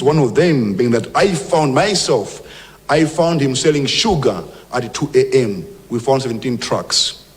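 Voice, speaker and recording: A man with a Malawian accent, a government minister giving an emphatic, combative press briefing. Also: mid-range voice. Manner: emphatic and combative, with mocking mimicry. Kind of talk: press briefing, mixing English and Chichewa.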